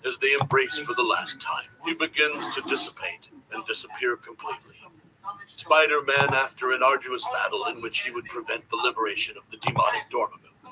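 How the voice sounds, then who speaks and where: Guy reading a superhero story out, even storybook tone, noise in the back. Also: medium pitch. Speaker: narrator. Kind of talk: scripted story narration. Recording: clear background noise.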